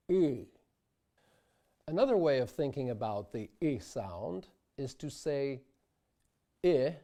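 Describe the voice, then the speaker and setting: Slow, mellow-voiced male diction teacher. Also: mid-range voice. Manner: slow, careful, demonstrates vowel sounds aloud. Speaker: diction instructor. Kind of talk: instructional video lesson.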